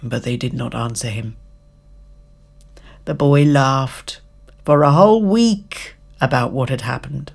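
A woman narrating a children's story with an expressive, drawn-out reading. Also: low voice.

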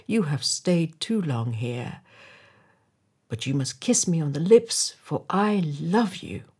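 A woman voicing a gentle, loving male statue prince in a soft, tender storybook reading. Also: deep voice, big pitch swings, slow, husky, heavily acted.

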